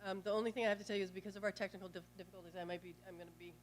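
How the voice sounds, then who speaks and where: A woman's voice: medium pitch, steady tone, a little hiss or hum. A woman professor opening her guest lecture with friendly thanks, moving about near the microphone. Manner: friendly, brisk. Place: lecture room. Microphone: microphone on a lectern.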